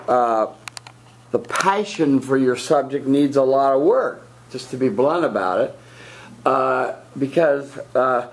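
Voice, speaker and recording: A man coaching debaters in a classroom, giving blunt feedback with lively emphasis. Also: medium pitch. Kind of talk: spoken critique in class.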